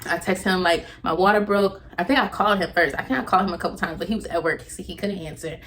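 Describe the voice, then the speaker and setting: A woman's voice: fairly low pitch, rapid-fire, fairly bright tone, a little hiss or hum. Rambling young woman telling a story. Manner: rambling, self-correcting, many fillers. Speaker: vlogger. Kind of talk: personal storytelling.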